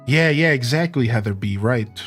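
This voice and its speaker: A man's voice: medium pitch, animated, normal speed, a bit bright, slightly rough, faint music behind. A man hosting a live stream, giving an earnest, preachy rant to his viewers with casual slang. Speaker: Twitch streamer and host.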